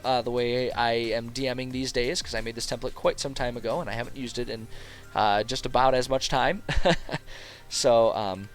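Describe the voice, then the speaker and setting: A male streamer works as game master, building a world while chatting casually. He rambles, makes jokes at his own expense and swears now and then, in a mid-range voice.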